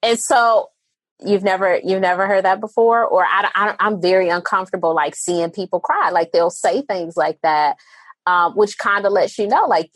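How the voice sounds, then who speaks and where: Lively woman therapist, dry sound. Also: medium pitch, normal speed, no room sound. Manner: animated, acts out quoted voices of others. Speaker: therapist guest. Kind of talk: podcast interview conversation.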